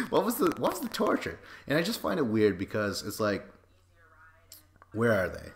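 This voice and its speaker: A man hosting a podcast, giving casual, sarcastic commentary over a video and swearing freely. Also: fairly low pitch. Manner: sarcastic, profane, frequent laughs.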